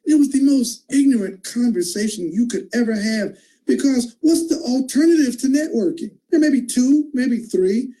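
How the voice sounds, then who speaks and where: A man hosting an online call, moderating with excitable, emphatic hype. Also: very high voice, rough recording. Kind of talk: enthusiastic moderating.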